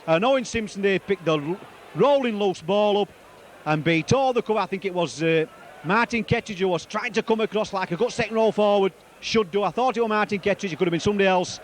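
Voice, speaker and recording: A man giving live rugby league match commentary, excitable and rambling, repeating player names as the play moves. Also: high-pitched, quick pace, a little hiss or hum.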